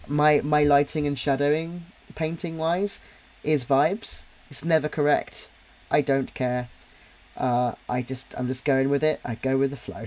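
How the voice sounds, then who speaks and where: A man's voice: mid-range voice, darkish tone. A young man casually chatting while he draws on a livestream, reading out viewers' comments with plenty of ums. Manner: rambling, friendly, full of ums and restarts. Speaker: livestream host and artist.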